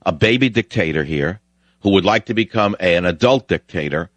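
Ranting deep-voiced New York radio man. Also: animated, brisk, fairly bright tone, no echo. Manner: ranting, sarcastic, pitch jumps high for emphasis. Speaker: talk radio host. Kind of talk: opinionated radio monologue. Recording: dry, dull lo-fi radio audio.

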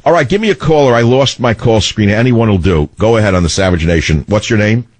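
A middle-aged man with a baritone voice, hosting a talk radio show in a combative, rambling way. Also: expressive, quick pace, dry recording. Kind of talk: opinionated talk radio monologue. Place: radio studio. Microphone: studio microphone.

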